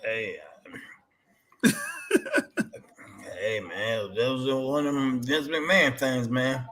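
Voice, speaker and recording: A man's voice: mid-range voice, fairly bright tone. A man co-hosting a wrestling watch-along livestream, joking casually and tagging lines with "boy" and "man". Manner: joking, drawn-out slang, repeated "boy" and "man".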